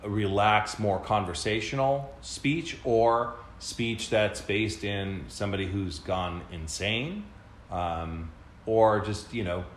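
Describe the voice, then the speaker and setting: A man with a low voice talks through ideas in a relaxed, rambling way, filling pauses with small filler words and restarting his sentences. He sounds like he is in a reverberant room. A faint hiss sits under his voice. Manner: explains at length, many fillers and restarts. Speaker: podcast co-host. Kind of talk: casual explanatory discussion. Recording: echoey room, faint background noise.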